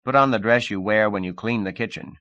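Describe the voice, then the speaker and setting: A smooth, confident male agent talks in a brisk, persuasive way, as a man reads him. His voice is fairly low and dry, with no room around it. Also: sharp tone, no echo, muffled recording. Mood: coaxing. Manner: brisk, assured, coaxing.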